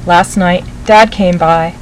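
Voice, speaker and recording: A woman reading a literary short story aloud as narrator, in a measured, gently expressive way. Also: fairly low pitch, slight background noise, poor audio.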